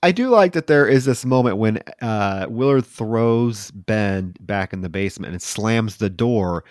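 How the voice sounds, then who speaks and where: A man co-hosting a podcast, retelling movie scenes in an animated, casual way and swearing freely. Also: lowish voice, a little slow, no echo, clean studio sound. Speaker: podcast co-host.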